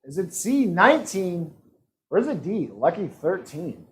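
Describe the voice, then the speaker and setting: A man's voice: sits high, sing-song, measured pace, a bit bright, slight background noise, rough recording. A man hosting a live-streamed trivia game, reading questions and answer options in a playful, teasing way. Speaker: trivia host.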